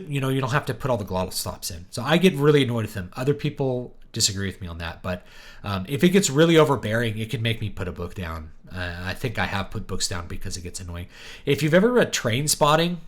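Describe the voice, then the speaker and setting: A man hosting a writing livestream, answering chat questions in a halting, thinking-aloud way with many pauses. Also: fairly low pitch.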